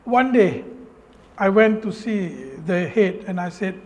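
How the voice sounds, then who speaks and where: A man with a Malaysian English accent and a fairly high voice tells his life story to an audience. He speaks earnestly and with feeling, breaking off mid-phrase and circling back to repeat himself. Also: expressive, takes it slowly. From Malaysia, Penang. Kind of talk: personal story speech.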